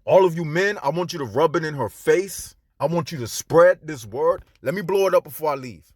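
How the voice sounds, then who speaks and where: A man's voice: animated, fairly quick, no room sound, studio quality. Emphatic, scornful male commentary host. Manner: emphatic and scornful, swinging from low drawl to high outbursts. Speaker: channel host. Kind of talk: preachy commentary monologue.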